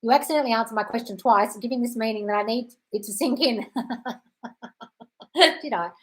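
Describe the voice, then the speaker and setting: At a normal speed and in a highish voice, the Australian host works through viewer questions on her casual stream. She reads each comment aloud, answers chattily, swears liberally, and uses darling for her viewers.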